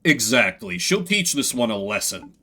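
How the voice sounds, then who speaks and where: A man's voice: fairly low pitch, very animated, normal speed, bright, forceful tone, voice pushed down, exaggerated voice. A man voicing a smug, cold male stoat prison captain who speaks in a dry, menacing drawl.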